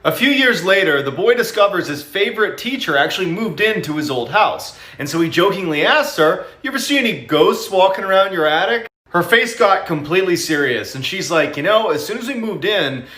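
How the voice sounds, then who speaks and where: A man narrating a short creepy story in a steady scripted way. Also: high-pitched, a little fast, few pauses, echoey room.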